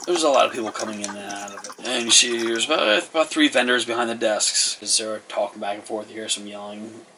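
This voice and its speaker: A man's voice: on the low side, brisk. A man running a tabletop game as game master, narrating in a casual, rambling way with lots of fillers. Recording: distant mic with faint noise.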